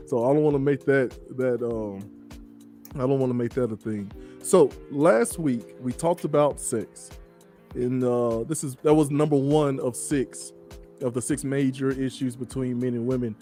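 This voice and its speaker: A man's voice: mid-range voice, moderate pace, dark tone, faint music behind. A man from the American South hosting a podcast in a laid-back, chatty way, laughing easily. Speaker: show host. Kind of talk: casual podcast chat.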